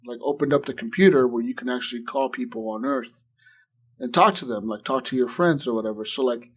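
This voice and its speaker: A man's voice: mid-range voice, fairly quick, breathy edge. A man co-hosting a podcast in casual chat, rambling through a retelling full of "like" and swearing, acting out what others said. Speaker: podcast co-host.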